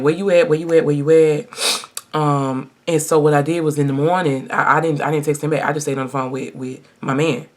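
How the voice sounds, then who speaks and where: A woman in her twenties telling a personal story in a casual get-ready-with-me video, chatty and emphatic, talking straight to her viewers. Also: sits low. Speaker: vlogger.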